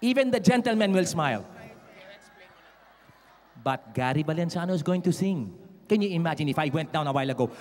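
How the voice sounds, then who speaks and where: A middle-aged male singer doing playful, animated patter with a live audience from a large stage. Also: fairly high pitch, fairly quick. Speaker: concert singer and performer. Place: large indoor event stage.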